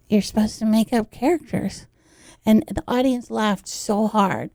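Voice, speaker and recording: A woman chatting as a guest on a radio interview, telling stories in an animated way and acting out the people in them. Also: on the high side, unhurried, vocal fry, dry recording. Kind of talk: casual storytelling chat.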